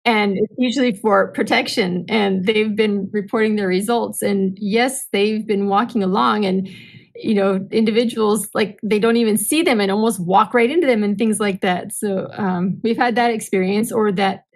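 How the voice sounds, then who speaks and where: Poor audio captures a woman guest on a podcast, her voice medium-pitched and moderately paced. She's an animated storyteller in a casual interview, performing snippets of dialogue within her anecdotes.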